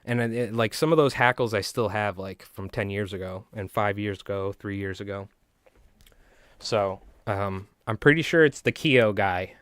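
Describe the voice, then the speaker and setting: New guy in his 40s rambling on his fly tying stream, smooth voice, dry sound. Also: fairly low pitch, moderate pace, no echo. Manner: rambling, animated, talks to chat. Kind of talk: casual live-stream chat while tying.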